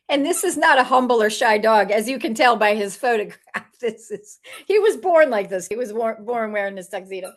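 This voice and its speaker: Laughing, animated woman telling stories. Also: on the high side, moderate pace. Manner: animated, laughing often, acting out quoted voices. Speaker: author and animal communicator. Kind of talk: storytelling interview talk.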